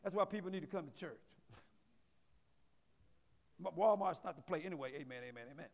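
A male pastor with a high voice preaches a sermon in a church sanctuary, using call-and-response, repeating words and building to loud emphasis. His delivery is fairly quick with lively intonation, and the hall's long reverb echoes around him.

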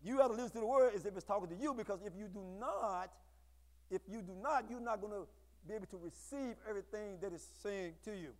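A man preaching a sermon to his congregation, with call-and-response and bursts of shouting. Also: high-pitched, fast talker. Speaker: pastor. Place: church sanctuary. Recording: echoey hall.

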